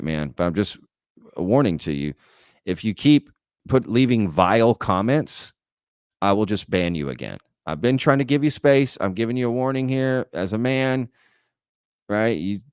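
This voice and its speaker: A male host reads chat comments on a live stream and answers them bluntly, in a lecturing way. His voice sits low. The sound is dry and close. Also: clear, resonant tone, no echo.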